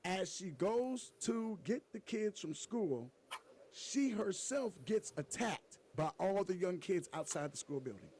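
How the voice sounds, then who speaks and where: Animated higher-voiced man on a podcast. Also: a little slow, a little hiss or hum. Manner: animated storyteller, loud bursts and laughter. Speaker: podcast co-host. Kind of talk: casual comedic chat.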